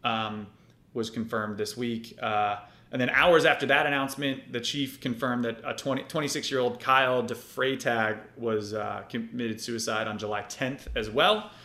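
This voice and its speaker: A man co-hosting a podcast, chatting loosely with lots of fillers and restarts. His mid-pitched voice rings in a roomy space. He swears now and then and circles back mid-sentence. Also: fairly even intonation, normal speed, sharp tone. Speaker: podcast co-host. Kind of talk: casual chat.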